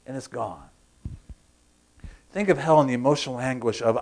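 Gravelly, animated preaching man. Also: fairly high pitch, fairly quick. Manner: animated, acts out groans and crowd sounds, asks the congregation questions. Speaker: pastor. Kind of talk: sermon.

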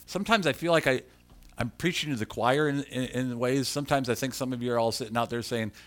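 A man preaching a sermon as pastor, animated, rising loud for emphasis and slowing down to stress key lines, with chatty asides to the congregation. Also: mid-range voice.

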